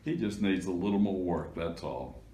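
A man's voice: sits low, lively intonation, normal speed, warm tone, distant mic, a little hiss or hum. A man voicing an eager, earnest young boy in a plain storybook reading. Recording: echoey room.

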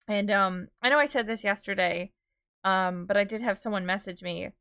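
A young woman in her twenties chats casually on a live stream. Her voice sits at an everyday middle pitch, and her talk rambles with lots of "like" and "dude". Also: fairly even intonation, normal speed, vocal fry, a bit bright. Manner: chatty and rambling, full of "like" and "dude".

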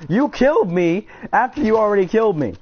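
A man chatting while gaming, excitable and argumentative with a friend. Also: high-pitched, fairly quick, husky. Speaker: gamer on a live broadcast. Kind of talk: casual chat while gaming. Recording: muffled lo-fi audio.

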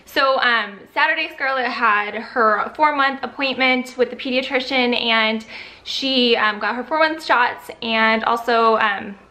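Young woman, vlogger, casual chat, bright tone, slightly high voice, filler-heavy, emotional. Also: measured pace. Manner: chatty, lots of fillers, gets emotional and teary. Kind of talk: casual vlog update.

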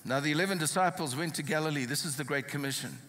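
A South African man preaches and reads scripture to a congregation, leaning hard on key words. His voice is bright and a little high. The sound carries a long church-hall echo. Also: fast talker, slight background noise. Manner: emphatic preaching, reads scripture aloud with rising stress. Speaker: pastor. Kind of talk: sermon.

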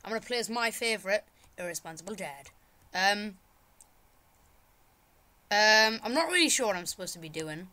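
A woman from Britain with a British accent, casually commenting while playing a video game, excitable and yelping at every mishap, with joking mock-dramatic asides. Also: medium pitch, moderate pace, pauses often. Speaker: gaming channel host. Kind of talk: casual let's-play commentary.

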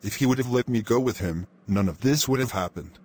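A man's voice: medium pitch, brisk, a little mellow, slightly rough, lightly acted. Man voicing a whiny troublemaker dinosaur. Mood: scheming. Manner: whiny, scheming. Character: young male dinosaur, mischievous troublemaker.

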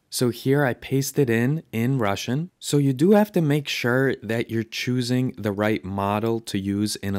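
A man hosting a software tutorial, talking casually and enthusiastically over his screen recording. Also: lowish voice, dry recording, studio quality. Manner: chatty, enthusiastic, conversational. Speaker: tutorial host.

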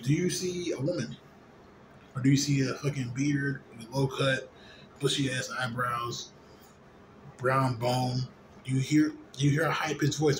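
A slightly drunk man in a rambling, profane late-night monologue, full of fillers and restarts. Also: medium pitch. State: a little drunk. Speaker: vlogger. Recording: noisy ambience behind voice.

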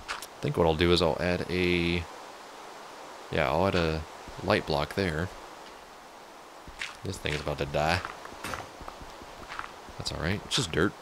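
A man's voice: sits low, steady tone, measured pace, long pauses, noisy background. A man casually talking through his game build, chatty and joking with viewers. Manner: chatty, jokey, talks to viewers. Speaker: let's play host. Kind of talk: casual gameplay commentary.

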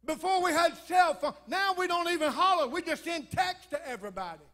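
A man preacher telling a lively, joking story in a humorous sermon at church. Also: very high voice, moderate pace.

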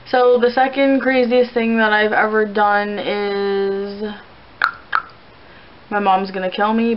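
A young Canadian woman chats casually to camera, rambling through viewer questions with plenty of "like" fillers. Her voice is on the high side, and the recording has its highs cut off.

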